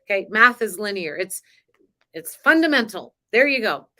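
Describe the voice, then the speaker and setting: A woman's voice: mid-range voice, big pitch swings, moderate pace, pushed and bright. A woman hosting a spiritual coaching live stream, talking in a chatty, emotional way with frequent laughs. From grew up on a farm. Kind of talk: casual live-stream talk.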